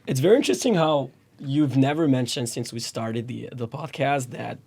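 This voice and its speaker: A man's voice: medium pitch, normal speed, gravelly, darkish tone, breathy edge. A man with an ordinary mid-range voice co-hosts a casual podcast. He asks his guest questions in a loose, searching way and restarts his sentences. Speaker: podcast co-host.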